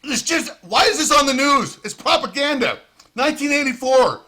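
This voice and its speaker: A man's voice: very high voice, animated, normal speed, sharp tone. A man ranting in profane, heated commentary with sarcastic outbursts. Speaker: vlogger.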